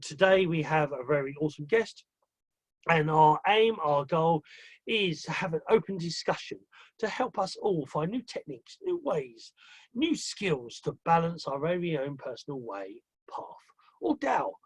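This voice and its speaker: A man's voice: on the high side, sing-song, normal speed, breathy edge, no echo. A man hosting a casual livestream podcast, chatty and playful, rambling with frequent restarts. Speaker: podcast host.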